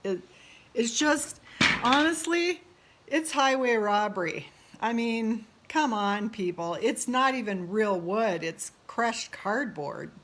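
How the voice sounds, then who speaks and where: A woman's voice: on the high side, lively intonation, slow pace, a bit bright, slight background noise. A middle-aged woman talking casually to her phone camera during a home remodel, tired and burnt out, rambling with frequent laughs and exasperated asides. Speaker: realtor remodeling her own house. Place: house under renovation, indoors. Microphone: phone camera held by speaker.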